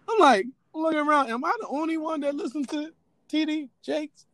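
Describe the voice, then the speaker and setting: A man co-hosting a casual podcast chat, talking in an animated way with laughs and teasing asides. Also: very high voice, normal speed, dry recording. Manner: animated, laughing, mocking impressions. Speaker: podcast co-host.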